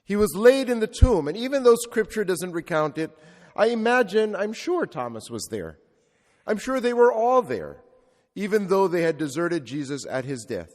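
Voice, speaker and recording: A man's voice: sits high, sing-song, normal speed, a little mellow. A male Catholic priest preaching a sermon with reflective storytelling and rhetorical repetition. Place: church. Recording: long reverb of a large church.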